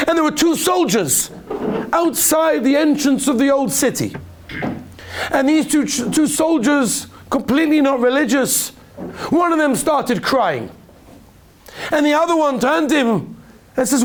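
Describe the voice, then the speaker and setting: A rabbi delivers an emotional sermon in a strikingly high voice for a man. He tells stories feeling, and his pitch climbs and drops as he goes. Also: moderate pace. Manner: emotional storytelling, pitch rising and falling widely.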